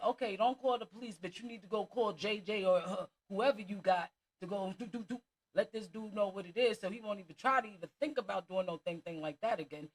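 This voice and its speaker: A woman's voice: medium pitch, low-quality recording. Emphatic woman giving casual commentary. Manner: emphatic, preachy, repeats for stress. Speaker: vlogger host.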